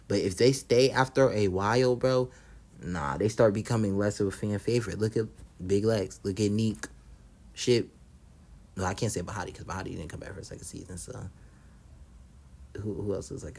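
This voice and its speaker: A man's voice: lowish voice, a little mellow. Blunt gossipy man recapping reality TV. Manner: blunt, profane and gossipy, acts out quotes. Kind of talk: casual recap commentary.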